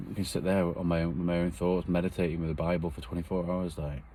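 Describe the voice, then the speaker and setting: A man's voice: sits low, little pitch movement, quick pace, few pauses, mellow. A man recounts a hard chapter of his life. He talks earnestly and rambles, with feeling close to the surface, and a faint hum sits behind him. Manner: earnest, rambling, emotional retelling. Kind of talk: personal storytelling.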